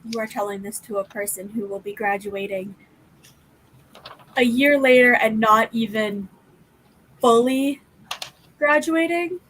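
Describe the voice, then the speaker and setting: A woman co-hosting a casual livestream chat, chiming in with dry, quick asides. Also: a little high, a bit bright, slight background noise, low-quality recording. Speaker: livestream co-host.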